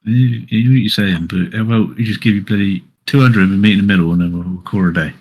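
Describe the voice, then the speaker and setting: A man's voice: lowish voice, fast, darkish tone, breathy edge. A man voicing a male halfling adventurer, bargaining in a chummy, folksy way.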